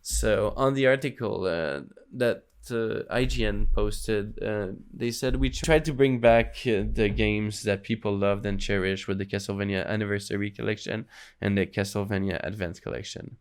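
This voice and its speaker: Low smooth-voiced man chatting games. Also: moderate pace. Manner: relaxed, fillers and hedges. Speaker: podcast co-host. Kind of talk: casual gaming news chat.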